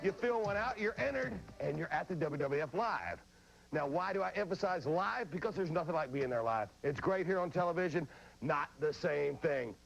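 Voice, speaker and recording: A man hosting a wrestling TV show, pitching a live event in an upbeat, salesy way. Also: lively intonation, normal speed, creaky, muffled recording. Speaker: TV show host. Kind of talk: energetic event promotion.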